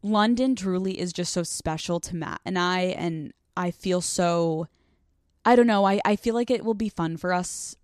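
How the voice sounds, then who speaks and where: A young woman hosting a solo podcast, chatting casually and rambling fast with lots of filler words and swearing. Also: on the low side, no room sound, studio quality. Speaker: podcast host. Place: hot small room, dry sound.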